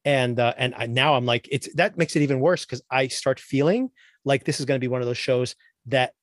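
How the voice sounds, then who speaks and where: A man hosting a podcast, ranting about a TV show in animated casual chat and mimicking characters in quick asides. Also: medium pitch, no echo, clean studio sound. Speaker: podcast host.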